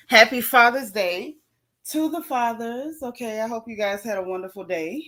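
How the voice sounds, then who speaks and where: A woman from Florida, hosting a casual livestream and talking fast and sassily to her viewers. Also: a little high, bright, forceful tone. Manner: fast, sassy, talks straight to viewers. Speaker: livestream host.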